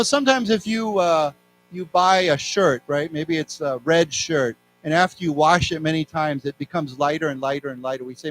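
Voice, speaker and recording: A man giving a live English lesson in a library lecture room, chatting through everyday stories and then explaining words slowly and reading aloud deliberately. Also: a little high, slight background noise, low-quality recording. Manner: chatty, tells personal anecdotes. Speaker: English teacher.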